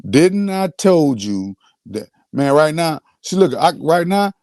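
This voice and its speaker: A man's voice: fairly high pitch, very animated, slow, darkish tone, no echo. Guy ranting on his stream, brags and repeats himself, aave, dead dry room. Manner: boastful, repetitive, restarts often. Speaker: host. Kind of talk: livestream rant.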